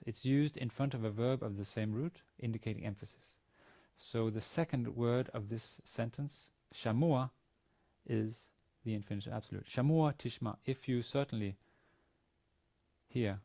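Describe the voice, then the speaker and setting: In a fairly low, creaky voice with a dark tone, a male lecturer works through a university Biblical Hebrew lesson. He methodically reads Hebrew sentences aloud, translates them, and breaks down the grammar one step at a time.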